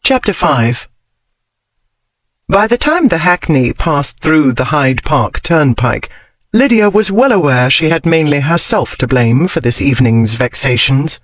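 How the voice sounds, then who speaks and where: Man reading a romance audiobook, bit high voice, super dry close recording. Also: dry recording. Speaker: audiobook narrator. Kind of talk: scripted narration.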